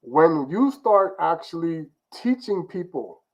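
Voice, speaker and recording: A man's voice: a little high, big pitch swings, takes it slowly, a little mellow, low-quality recording. A man giving an informal religious teaching in an emphatic, repetitive, conversational way. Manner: emphatic, repetitive, conversational, often restarts phrases. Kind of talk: informal preaching monologue.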